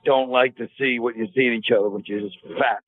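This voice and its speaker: A man's voice: mid-range voice, fairly even intonation, a little fast. A man appearing as a podcast guest, ranting in a mock-angry, profane way through crude comedic banter. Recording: tinny phone-like audio.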